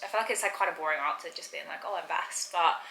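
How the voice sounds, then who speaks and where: A woman's voice: deep voice, quick pace, vocal fry, pushed and bright, a little hiss or hum. A woman hosting her vlog, chatting casually with a friend and filling her talk with "like". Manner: chatty, lots of "like" fillers. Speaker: vlog host. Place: indoors at home. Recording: echoey room.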